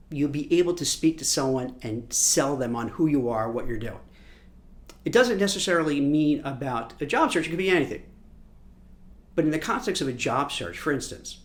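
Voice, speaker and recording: A man's voice: fairly high pitch, a little hiss or hum. A man giving a casual career-coaching lesson, acting out little scenes with hummed sound effects and restarting words as he goes. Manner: conversational, repeats words as he restarts. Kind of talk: casual instructional talk.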